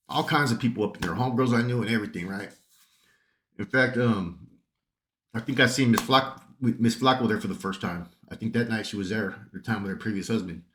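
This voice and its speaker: A man's voice: medium pitch, fairly bright tone, echoey room, a little hiss or hum. A man casually telling a club story, rambling and swearing, often checking in with "right?". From San Jose area, California. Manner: profane, rambling, peppered with "right?". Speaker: channel host telling stories.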